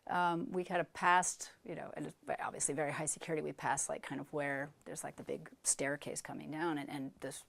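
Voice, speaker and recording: An American woman in her fifties, a guest in a casual interview, telling lively anecdotes and acting out the people she quotes. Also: deep voice, a little fast, gravelly, hardly any pauses. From United States. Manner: animated storyteller who acts out the people she quotes.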